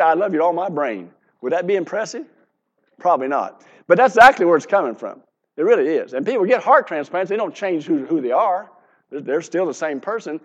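A man's voice: a little high, highs cut off. A man preaching a sermon, reading scripture aloud with rising emphasis. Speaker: pastor.

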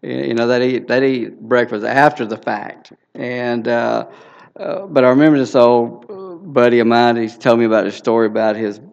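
A man's voice: medium pitch, fairly even intonation, normal speed, gravelly, a little mellow, muffled recording. A man in his sixties with a Southern US accent, telling a folksy church testimony with many fillers. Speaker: guest speaker.

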